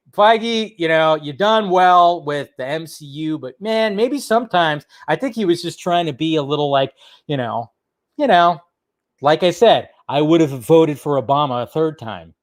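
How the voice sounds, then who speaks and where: Excitable, foul-mouthed man hosting film news. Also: on the high side. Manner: excitable, swears freely, laughs often. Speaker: host of a film news channel. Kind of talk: casual movie news commentary.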